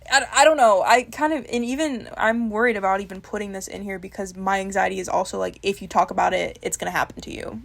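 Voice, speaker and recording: A woman's voice: mid-range voice, fairly even intonation, brisk, vocal fry, fairly bright tone. A young woman talking candidly to camera in a casual vlog, swearing freely and laughing at herself. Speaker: vlogger. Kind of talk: casual confessional chat.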